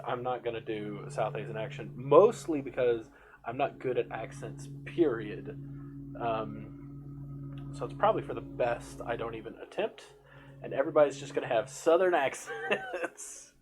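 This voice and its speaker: A man's voice: mid-range voice, expressive, normal speed, a little hiss or hum, rough recording. A man streaming a horror game, joking and self-deprecating while reading the game text aloud.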